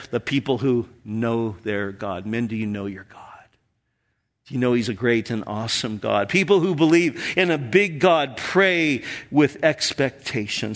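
A pastor in his fifties preaches with earnest conviction. His voice sits at an ordinary middle pitch for a man. He pushes hard on key phrases, then drops almost to a whisper. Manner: earnest, swings between loud emphasis and near-whispers. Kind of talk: sermon.

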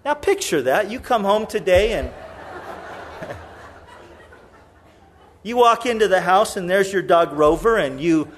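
A man's voice: high-pitched, animated, moderate pace, few pauses, a little hiss or hum. A middle-aged man preaching a sermon, telling the story with humor and acting out the voices. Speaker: pastor.

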